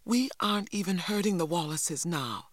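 A man voicing a worried, sharp-tongued farm wife in a higher, urgent voice. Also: normal speed, no echo, clean studio sound. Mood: pleading.

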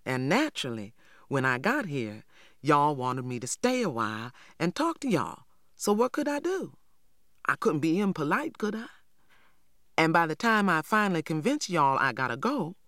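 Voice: mid-range voice, a bit bright, no room sound. A reader voicing a boastful, lazy teenage boy who talks in a drawling rural dialect, in a dry audiobook recording. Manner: drawling, self-satisfied, Southern rural dialect. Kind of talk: audiobook character voice.

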